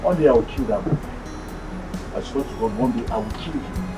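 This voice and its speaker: An actor with a Nigerian accent playing an arrogant, hot-tempered young prince who taunts and threatens. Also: male voice, high voice, big pitch swings, measured pace, loud music behind the voice. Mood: menacing. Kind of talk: film drama acting.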